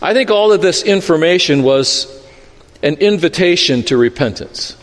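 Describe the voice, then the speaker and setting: A man with a high, light voice preaches a sermon, acting out quotes and asides as he retells a Bible story. His voice rings out in a big hall with a long reverb tail. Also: normal speed. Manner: expressive storytelling with acted-out quotes. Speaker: pastor.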